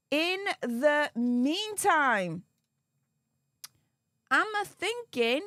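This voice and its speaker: A woman's voice: sits high, fairly bright tone, no room sound, clean studio sound. A woman hosting a live-stream commentary, chatty and gushing in her thanks to viewers. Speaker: livestream commentary host.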